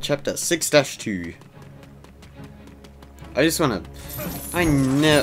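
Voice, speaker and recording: A man chatting slowly and loosely over his gameplay, rambling and cracking crude jokes. Loud game music fills the space behind his voice. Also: mid-range voice. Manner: rambling, swearing, jokey. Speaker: let's play host. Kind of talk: casual gameplay commentary.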